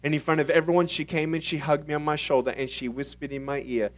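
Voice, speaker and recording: A man with a notably high voice is giving a motivational keynote at a conference. He tells his story in an animated way and acts out the dialogue as he goes. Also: quick pace, distant mic. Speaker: motivational speaker. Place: conference stage.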